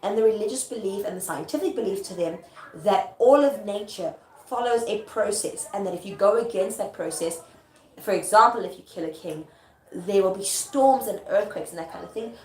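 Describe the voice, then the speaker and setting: A woman teacher gives a casual, chatty lesson on Shakespeare in a mid-range voice, often slipping in quick asides to check that her listener is following. There's slight background noise, and the room is echoey with faint ambience.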